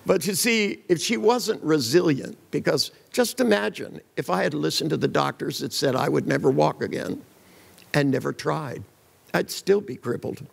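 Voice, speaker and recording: An older man gives a live seminar talk in a large hall, his voice a little high, unhurried, creaky and slightly rough. He tells blunt, joking anecdotes and acts out the voices of the people in them.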